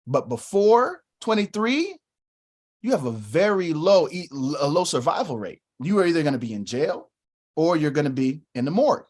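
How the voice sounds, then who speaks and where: A man's voice: a little high, sing-song, normal speed, darkish tone. A man voicing his father earnestly lecturing his grown son.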